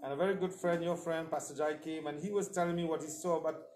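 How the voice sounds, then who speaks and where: A man tells his testimony from the pulpit, and his voice sits a little high for a man. He tells it as a story and acts out the other people in it. The sound is roomy, and faint music plays under him. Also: steady tone, fast, a little mellow. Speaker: preacher giving testimony. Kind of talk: sermon testimony. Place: church service.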